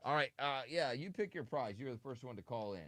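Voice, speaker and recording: A man's voice: mid-range voice, lively intonation, brisk, a crowd in the background. A man hosting a live radio show, teasing his co-hosts with crude jokes. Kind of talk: live morning radio banter.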